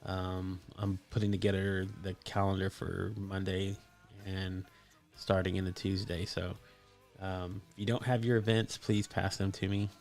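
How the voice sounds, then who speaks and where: Soft music plays behind a man whose low, darkish voice stays level and measured. He runs a laid-back live stream, talking enthusiastically with lots of fillers, while voice processing on his desktop mic gives him extra depth.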